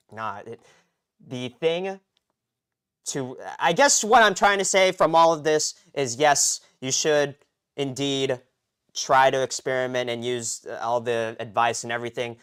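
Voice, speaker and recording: Live-streaming from his home garage, a young American man chats casually in a mid-range, fairly bright, smooth voice. He rambles, restarts often, and keeps tacking on "okay?" as a tag question.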